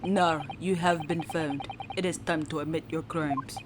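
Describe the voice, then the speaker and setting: A woman voicing a menacing ship's crewman interrogator in an attempted Russian accent, with a low, threatening tone. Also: fairly even intonation, a little slow, noisy background.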